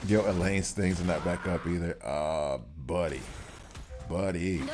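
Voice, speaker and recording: A man giving live commentary on a game he is playing, talking to the characters on screen and reacting out loud. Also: low voice, a little slow. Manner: excitable, talks to the game characters. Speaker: gaming streamer.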